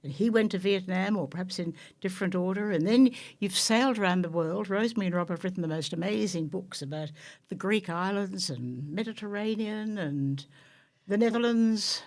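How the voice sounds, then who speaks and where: A woman interviewing a radio host, asking brisk, eager questions and sometimes cutting in, in a radio studio. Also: medium pitch, a little mellow. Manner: brisk, eager questioner who talks over and apologizes. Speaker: guest interviewer.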